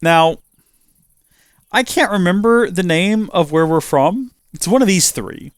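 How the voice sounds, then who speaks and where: Let's play host, male, slightly high voice, very animated, chats to himself while playing. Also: a little slow, no echo, clean studio sound. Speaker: gaming channel host.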